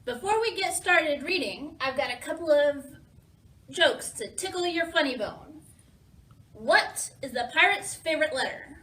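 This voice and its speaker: Storytime reader, woman, playful pirate flair, unhurried, bright, recorded from a distance. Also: high-pitched. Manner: playful pirate-talk, animated with questions to kids. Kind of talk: reading a picture book aloud to kids.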